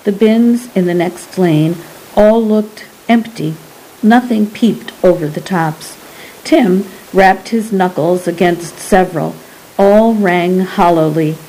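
Slow, low-voiced woman narrating a story. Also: dark tone, poor audio. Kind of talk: scripted audiobook narration.

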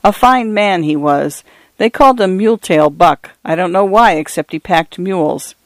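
A man reads an old grandfather who crossed the plains long ago, telling his stories slowly and always the same way. The voice sits a little high and sounds close and dry. It stays plain storybook reading rather than a big character voice. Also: no room sound. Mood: reminiscing. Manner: slow, repeating old stories. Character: old pioneer grandfather, rambling and fond.

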